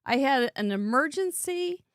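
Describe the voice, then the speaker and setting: Woman, live craft show host, bubbly and chatty, high voice, gravelly fry, dry close sound. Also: lively intonation, a little slow, no room sound. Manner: bubbly, chatty, laughs often. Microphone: headset earbud.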